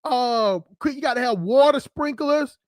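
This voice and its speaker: Male livestream host, high-pitched, dry close sound, profane off-the-cuff rants. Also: no echo. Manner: blunt, profane, fast-talking, jumps between subjects. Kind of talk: unscripted livestream rant.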